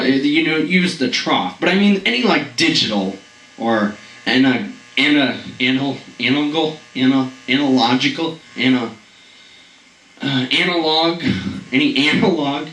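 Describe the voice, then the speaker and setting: Male comic, lively pitch, rambling stammery delivery, echoey room, off-mic. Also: distant mic. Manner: rambling, stammering, chuckles at own jokes. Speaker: comedian. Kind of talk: rambling comedic monologue.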